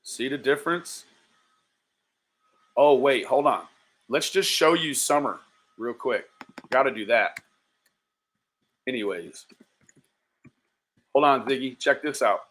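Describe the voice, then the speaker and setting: A man's voice: mid-range voice, slow, pauses often, fairly bright tone. A man hosting a livestream, talking casually, profane and taunting, calling out to viewers by nickname. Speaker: livestream host.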